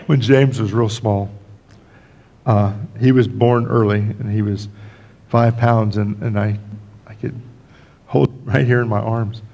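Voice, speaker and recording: A man's voice: fairly low pitch, steady tone, unhurried, gravelly, long pauses, warm tone, muffled recording. An older man preaching as a pastor, telling stories in a folksy way with joking asides and frequent restarts. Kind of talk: storytelling sermon. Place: church sanctuary.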